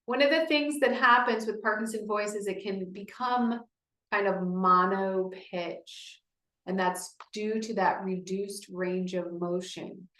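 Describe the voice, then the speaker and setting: A woman's voice: mid-range voice, roomy sound, poor audio. A woman speech therapist leading a group through voice exercises, encouraging and explaining each step.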